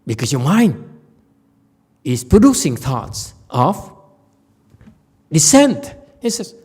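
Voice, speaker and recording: Male Buddhist teacher, high, animated voice, slow delivery, blunt and playful in lecture. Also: breathy edge. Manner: blunt, teasing, acts out students' whining voices. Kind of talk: dharma lecture. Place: temple lecture hall.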